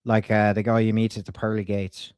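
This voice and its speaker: A man voicing a polite, folksy Irish male wealth manager on a prank call, speaking in a calm, courteous, unhurried way with an Irish accent. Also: lowish voice, clean tone, dry recording, clean studio sound, natural voice.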